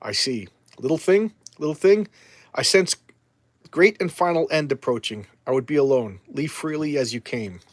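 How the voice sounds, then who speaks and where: A man's voice: fairly high pitch, lively intonation, moderate pace, no room sound. A man voicing an ancient male cosmic darkness, reading in a solemn, stately way. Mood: imperious.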